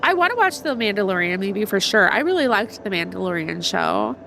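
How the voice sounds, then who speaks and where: A woman's voice: mid-range voice, sing-song, fairly quick, gravelly, fairly bright tone, slight background noise. A young woman streaming a video game, congested and chatting in a rambling way with her viewers. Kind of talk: casual let's-play commentary.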